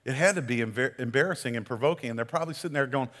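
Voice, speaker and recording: Conversational pastor preaching in a reverberant hall. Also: male voice, medium pitch, racing, fairly bright tone. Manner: conversational storytelling with frequent restarts. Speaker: community pastor. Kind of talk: sermon.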